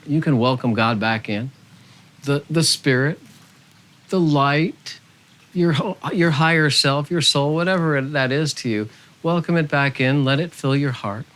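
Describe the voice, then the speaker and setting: A man giving a gentle, unhurried spiritual talk to camera, soft-spoken with easy pauses and fillers. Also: a little high. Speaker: spiritual vlogger.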